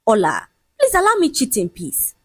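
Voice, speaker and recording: A woman's voice: fairly high pitch, huge pitch swings, normal speed, no room sound, studio quality, heavily acted. A woman voicing a smug, dismissive young man who mocks his fiancée in a folk-tale storybook reading. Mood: mocking. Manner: mocking, lecturing, casually shameless.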